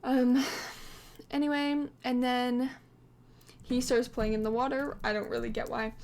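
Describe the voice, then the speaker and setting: A young woman casually narrating her life-simulation game story, chatty and excitable with many fillers and little gasps. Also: a little high, unhurried, vocal fry. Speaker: Sims gameplay vlogger.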